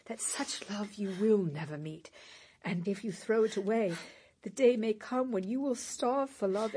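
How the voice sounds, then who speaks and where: A woman's voice: mid-range voice, darkish tone, slightly rough. An actress playing a worldly woman with a shameful past, pleading urgently and with passion in a stage drama. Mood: earnest.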